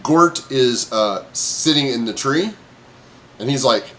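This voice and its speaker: A man narrating as game master in a tabletop game, halting with many ums and uhs and laughing often. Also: mid-range voice, animated, a bit bright, slight background noise.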